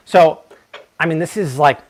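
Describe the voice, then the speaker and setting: A man in his thirties hosting a live-stream cooking demo, chatty and energetic, now and then slipping into playful broken Spanish. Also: fairly high pitch, measured pace. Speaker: cooking show host.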